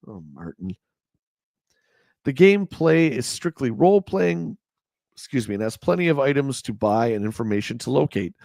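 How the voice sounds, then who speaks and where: A man's voice: mid-range voice, sing-song, normal speed, creaky, a little mellow, no room sound, studio quality. A man hosting a casual livestream, reading old magazine reviews aloud with wry, joking asides and chatting back to his viewers. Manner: chats back to a live chat. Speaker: livestream host.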